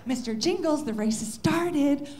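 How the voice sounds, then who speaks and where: A woman's voice: high voice, lively intonation, unhurried, a little mellow, a faint crowd, a little hiss or hum. A woman comedian playing a cheery cat owner who keeps coaxing her cat to race. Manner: coaxing, insistent.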